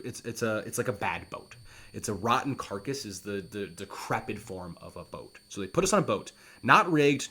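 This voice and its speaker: A man's voice: fairly low pitch, pushed and bright, slightly rough. A man, a former English teacher, reading Shakespeare's lines with dramatic emphasis and then explaining them in plain words.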